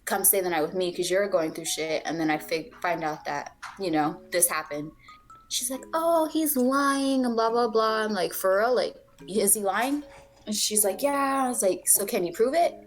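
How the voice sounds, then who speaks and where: A young woman co-hosting a podcast speaks at a moderate pace in a lowish voice, with faint music behind her. She casually and candidly tells a personal story, swearing freely and acting out what people said.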